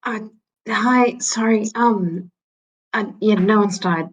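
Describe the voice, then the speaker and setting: A woman playing a tabletop game, talking hesitantly with many pauses and fillers. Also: mid-range voice, poor audio. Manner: hesitant, full of ums and restarts. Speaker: player. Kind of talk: casual chat at a game table.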